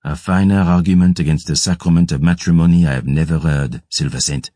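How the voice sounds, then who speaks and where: Guy putting on a cold sneering vampire scribe, deep and husky, drawled and mocking. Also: steady tone, a little fast, mellow, no echo, studio quality. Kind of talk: audiobook character voice.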